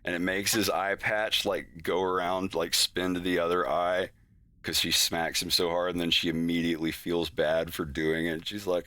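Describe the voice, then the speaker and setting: An animator streams his work, talking casually in a low-pitched, fairly bright male voice at a moderate pace with no room sound. He rambles about his cartoon's scenes, laughs often, and acts out his characters' lines.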